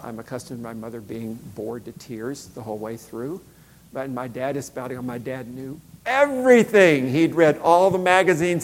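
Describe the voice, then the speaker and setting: A man's voice: a little high, darkish tone, a little hiss or hum. A middle-aged man telling a personal story in a casual, conversational way, with lots of fillers and short acted-out quotes. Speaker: speaker. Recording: long hall reverb.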